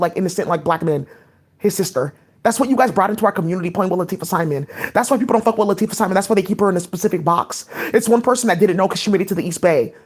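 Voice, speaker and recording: A woman vlogging in a quick, tumbling stream of talk. Her thoughts jump from one thing to the next, held together by "like" and "um". Her voice sits at an ordinary middle pitch. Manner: rapid, scattered, many "like" fillers. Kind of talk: rambling casual monologue.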